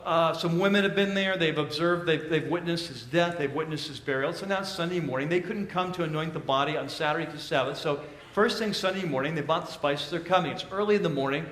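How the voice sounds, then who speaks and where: A pastor preaching a sermon in a church, telling the story conversationally with bursts of excitement and hushed, emphatic drops. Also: male voice, a little high, echoey room. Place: church auditorium.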